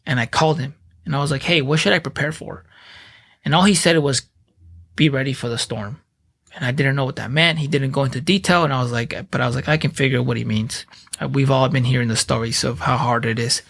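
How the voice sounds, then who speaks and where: A man in his thirties, a podcast guest, telling his story in blunt, profane, animated casual speech. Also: medium pitch, a little fast, gravelly.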